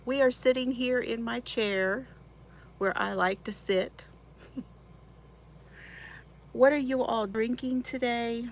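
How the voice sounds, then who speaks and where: Slow-talking woman chatting with viewers. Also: fairly high pitch, low-quality recording. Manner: chatty, warm greetings to viewers by name, frequent laughter. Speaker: crafting channel host. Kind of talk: casual live-stream chat with viewers. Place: home, seated in her chair.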